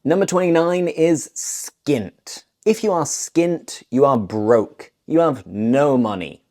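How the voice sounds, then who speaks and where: A woman from the north of England with a Northern English accent, teaching English phrases in a clear, deliberate way. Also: sits low, mellow. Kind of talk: scripted language lesson.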